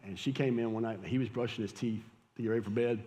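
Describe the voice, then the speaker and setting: A pastor with a mellow, mid-range voice talks fast in a steady tone during a sermon. He tells a casual, conversational story and laughs at it before an audience in a church hall, recorded live with long reverb.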